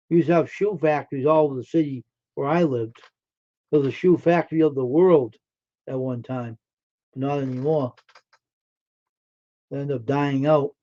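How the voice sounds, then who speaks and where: A man's voice: fairly high pitch, mellow. Folksy chatty man on a lo-fi stream. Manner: folksy, chatty, answers chat comments. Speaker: live stream host. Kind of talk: casual chat with viewers.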